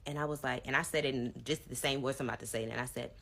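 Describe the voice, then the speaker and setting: A woman with a notably low, deep voice tells her own story in a relaxed storytime vlog. She chats directly to her viewers. Her delivery is casual and conversational. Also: rapid-fire, vocal fry, few pauses. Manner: chatty, addresses viewers directly.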